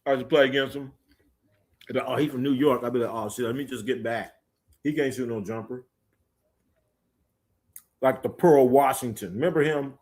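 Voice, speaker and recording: A man hosting a casual sports livestream, joking and chatting loosely while reading live comments, with sudden animated bursts. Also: medium pitch, normal speed, long pauses.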